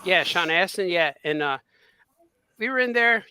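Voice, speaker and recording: A man's voice: sits high, expressive, moderate pace, bright, forceful tone, clear, resonant tone, dry recording. A man co-hosting a podcast, telling an anecdote in a casual chat and acting out the quotes. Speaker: podcast co-host.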